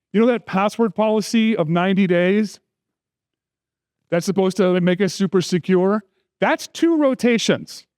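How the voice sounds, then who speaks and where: High-voiced man giving a joking conference talk. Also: no echo, clean studio sound. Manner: conversational with joking asides. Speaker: security conference speaker.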